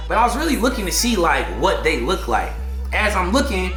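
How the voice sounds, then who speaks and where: A man vlogging an excitable storytime in heavy slang, acting out what people said. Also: sits high, brisk. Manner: slangy, excitable, acts out quotes. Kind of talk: animated storytime. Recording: echoey room, faint music behind.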